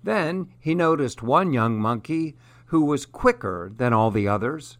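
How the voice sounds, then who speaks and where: A man reading a children's story aloud in a measured, unhurried way. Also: medium pitch, animated, fairly bright tone.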